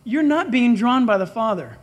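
High-voiced, lively man preaching emphatically. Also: moderate pace. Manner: emphatic, dramatic preaching, acting out quoted dialogue. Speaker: pastor. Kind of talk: sermon.

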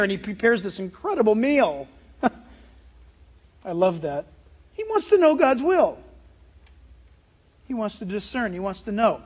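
A man delivers a sermon as pastor, his voice pitched unusually high. He preaches with emphatic, animated energy, leaning on rhetorical questions. The recording sounds dull and lo-fi. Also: unhurried, long pauses, slightly rough.

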